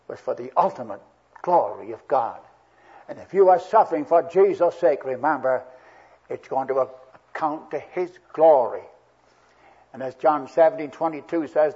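A man's voice: mid-range voice, a little mellow, breathy edge. A man preaching a sermon verse by verse, earnest and swelling with emphasis on key words. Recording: dull lo-fi old recording.

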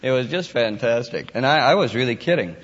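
A man giving a folksy, informal sermon as a conference speaker. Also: fairly quick. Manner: folksy, rises to excited high voice in anecdotes. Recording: dull lo-fi audio in a hall.

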